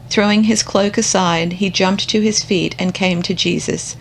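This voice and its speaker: A woman reading scripture aloud in a slow, contemplative, measured way. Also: mid-range voice, fairly even intonation, creaky, slight background noise. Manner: measured, unhurried. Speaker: scripture reader.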